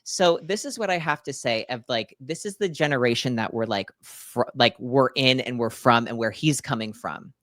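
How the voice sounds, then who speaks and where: A man in his thirties co-hosting a podcast, telling stories in an animated, playful way with acted-out asides. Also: mid-range voice, normal speed, few pauses, no room sound, clean studio sound. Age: 30s. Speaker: podcast co-host. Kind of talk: casual chat.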